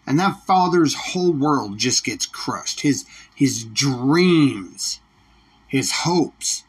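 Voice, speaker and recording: Husky, blunt podcast host. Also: male voice, medium pitch, expressive, slow. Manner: profane, blunt, defiant. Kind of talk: solo opinion rant.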